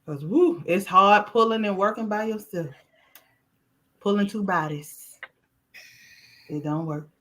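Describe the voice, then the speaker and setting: A woman co-hosting a casual podcast chat, lively and running the segments. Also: medium pitch, a little slow, long pauses. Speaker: podcast co-host.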